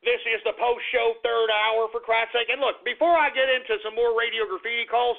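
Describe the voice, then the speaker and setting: A man's voice: extremely high pitch, fairly even intonation, brisk, creaky. A man hosting a rowdy call-in radio show, boisterous, whooping and laughing, often swearing. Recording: tinny phone-line sound with faint music.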